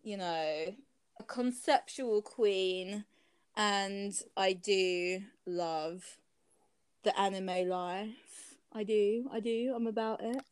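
A woman's voice: mid-range voice, drawn-out words, clean tone, dry recording. Playful gushing woman co-hosting a podcast. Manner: playful, gushing, laughs often. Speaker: podcast co-host. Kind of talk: casual chat.

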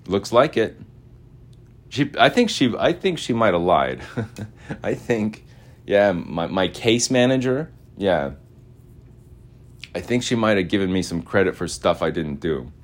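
Man, very low voice, casual podcast monologue, slangy, meandering. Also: sing-song, unhurried. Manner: slangy and meandering, full of "like" and "dude". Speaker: podcast host.

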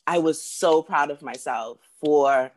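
A Bahamian woman, appearing as a guest in a casual conversation, tells a personal story in a lively way, repeating words as she acts out what people said. Her voice is low and she takes her time.

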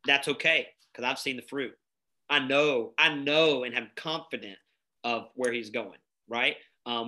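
A man, telling stories in a casual, energetic conversation as a guest, with many fillers. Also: mid-range voice. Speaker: nonprofit founder and guest.

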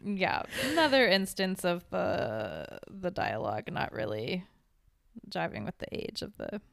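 Gravelly-voiced woman podcast guest. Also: lowish voice, wildly swooping pitch, unhurried, dry recording, studio quality. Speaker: guest, host's sister. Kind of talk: casual chat.

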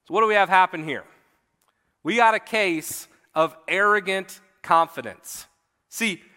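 A man's voice: high voice, sharp tone, in a large hall. A man preaching a sermon as pastor, reading scripture aloud and explaining it in an earnest manner with occasional fillers. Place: church hall.

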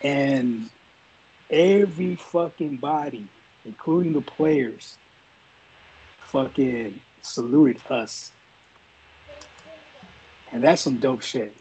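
A man's voice: mid-range voice, drawn-out words, pauses often, dark tone, breathy edge. A former Marine man telling a story in a casual, rambling, profane way. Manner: profane, rambling, laid-back. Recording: dull lo-fi audio.

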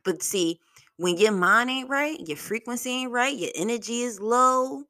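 A young adult woman hosting her solo podcast, talking bluntly and with plenty of profanity, telling stories in an animated way. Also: a little high, a little slow, no room sound, clean studio sound. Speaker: podcast host.

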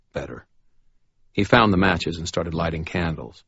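Deep, husky man narrating deadpan. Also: normal speed, no echo, highs cut off. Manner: dry, wry, deadpan. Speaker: audiobook narrator. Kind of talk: first-person scripted narration.

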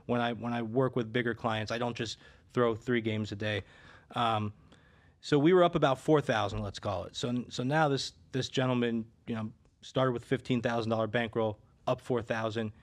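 Uomo che racconta con molte esitazioni. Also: male voice, medium pitch, fairly even intonation, moderate pace. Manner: storytelling, many restarts and fillers. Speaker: sports betting handicapper. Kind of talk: casual podcast chat.

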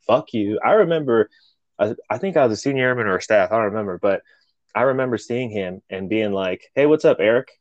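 A man's voice: on the low side, quick pace, no room sound, highs cut off. A man co-hosting a podcast, telling a story casually and animatedly, with plenty of swearing and acted-out quotes. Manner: animated, profane, acts out quotes. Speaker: podcast co-host.

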